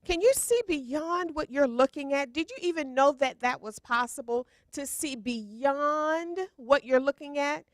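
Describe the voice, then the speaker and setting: A woman coaching entrepreneurs from a stage in an upbeat, preachy way. Her voice is high and the sound is dry and close. She keeps asking the audience rhetorical questions. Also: measured pace, hardly any pauses, no room sound. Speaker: business coach speaker. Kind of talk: motivational talk. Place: event stage.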